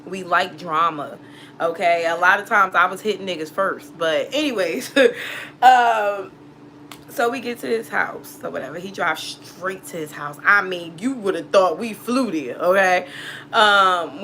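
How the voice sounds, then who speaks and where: A woman's voice: mid-range voice, a little slow, pushed and bright, slight background noise. A woman who reads tarot, telling a personal story casually in a blunt, profane way, laughing often. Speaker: tarot reader.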